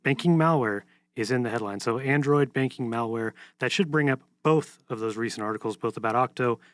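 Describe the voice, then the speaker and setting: Mid-pitched man, relaxed explainer of tech tips, dry close recording. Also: a little fast, no echo. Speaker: tech reporter co-host. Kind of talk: casual chat.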